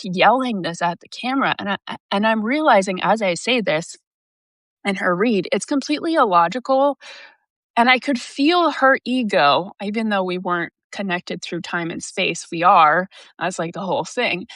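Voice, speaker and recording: A woman's voice: medium pitch, lively intonation, moderate pace, fairly bright tone, dry recording. A young woman who works as an intuitive reader, talking casually and at length to her audience, rambling, swearing and using lots of fillers. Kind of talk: casual monologue to camera.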